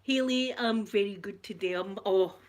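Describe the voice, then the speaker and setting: A woman's voice: mid-range voice, moderate pace. A Scottish woman chatting casually on a live stream, greeting viewers by name and telling a story with giggles. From Scotland. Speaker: vlogger.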